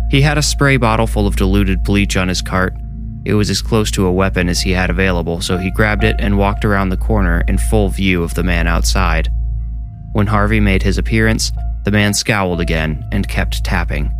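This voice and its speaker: A man narrating a horror story in a measured, steady storytelling voice. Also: sits low. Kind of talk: scripted narration.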